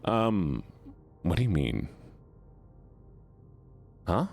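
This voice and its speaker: A man's voice: deep voice, very animated, drawn-out words, vocal fry, darkish tone, faint music behind. A man streaming live, chatting casually with viewers, rambling, stumbling over his words and giggling often. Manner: stumbles and restarts mid-sentence.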